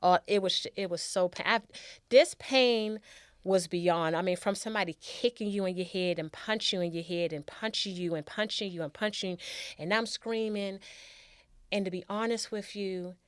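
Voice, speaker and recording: A woman sharing a personal story as a guest, halting and restarting, repeating herself for emphasis. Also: mid-range voice, clear, resonant tone, no room sound, clean studio sound.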